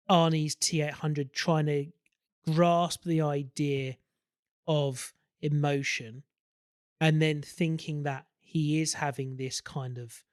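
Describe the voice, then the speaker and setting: A man talking films on a podcast, blunt and animated, cursing as he makes his point. His voice sits a little high, and it is recorded close and dry. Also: dry recording. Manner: opinionated, animated, swears freely. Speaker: podcast co-host. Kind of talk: casual film discussion.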